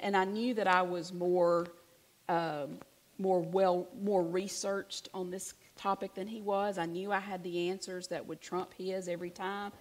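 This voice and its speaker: A woman preaching a sermon, telling a personal story in a conversational way, swinging from hushed to emphatic. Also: on the low side.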